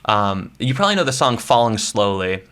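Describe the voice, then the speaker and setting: A man's voice: fairly low pitch, big pitch swings, fairly quick, fairly bright tone, clear, resonant tone. A man in his thirties, a podcast guest chatting casually and rambling with lots of likes and ums. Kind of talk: casual chat.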